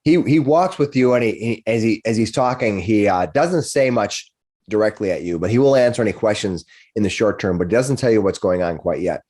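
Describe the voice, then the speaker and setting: A man narrating as game master of a tabletop game, halting and repeating words as he goes. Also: fairly low pitch, darkish tone.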